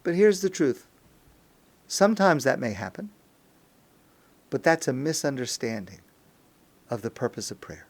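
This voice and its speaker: A man speaking as a rabbi in a recorded talk, earnest, reading Hebrew phrases slowly and translating them, rising to an intense pleading tone at times. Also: medium pitch, very animated. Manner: earnest, rises to an intense pleading tone when quoting prayer.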